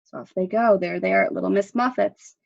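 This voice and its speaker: Reading a picture book to children in a creaky mid-range voice, a librarian moves fairly quickly, staying expressive and quizzing her young audience. The lo-fi recording sounds dull.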